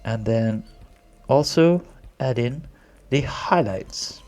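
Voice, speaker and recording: A man's voice: mid-range voice, animated, slow, darkish tone, soft background music. A man narrating a drawing tutorial as a voice-over in a put-on posh British accent, rambling and a bit self-conscious, as if winging it.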